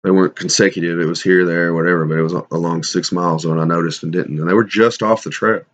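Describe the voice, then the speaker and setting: A middle-aged man telling a casual story to camera, rambling and halting, with many restarts and fillers. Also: deep voice, fairly even intonation. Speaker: bigfoot hunter sharing encounters. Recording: dull lo-fi sound.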